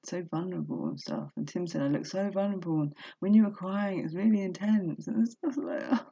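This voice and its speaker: A woman's voice: lowish voice, lively intonation, a little fast, vocal fry, dark tone, slightly rough. A woman talking openly and emotionally in a casual home vlog, reading from a book between chatty asides. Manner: emotional, open, chatty with laughs and self-talk. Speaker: vlogger reading a self-help book aloud. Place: home room. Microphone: laptop webcam mic. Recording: dull lo-fi webcam recording.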